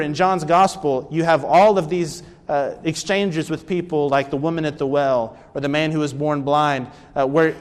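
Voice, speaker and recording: A man's voice: on the high side, long reverb tail. A man preaching a sermon lesson, earnestly explaining scripture and asking rhetorical questions. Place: church.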